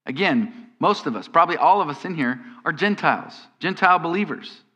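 A man's voice: on the high side, lively intonation, fairly quick, pushed and bright. A man preaching a sermon as pastor, in a conversational style that turns to emphatic questions. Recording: long hall reverb.

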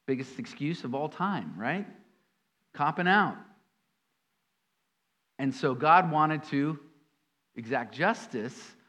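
A male pastor delivering a sermon with a voice a bit higher than most men's. He works through scripture with sudden emphatic bursts, then drops into folksy, chatty asides. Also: expressive, takes it slowly, pauses often, a bit bright.

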